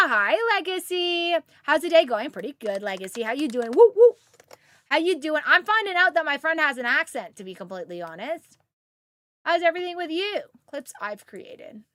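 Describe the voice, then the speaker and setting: Woman streamer, chatty, excitable, high voice, very lively pitch. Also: no echo, clean studio sound. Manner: chatty, excitable, reads chat aloud. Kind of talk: casual chat while gaming.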